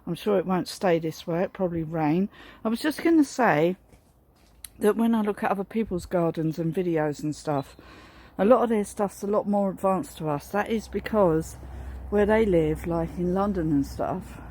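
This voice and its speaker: A woman's voice: lowish voice, normal speed, dark tone. A woman chatting casually in a garden vlog while she stands outdoors. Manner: chatty, rambling. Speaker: vlogger.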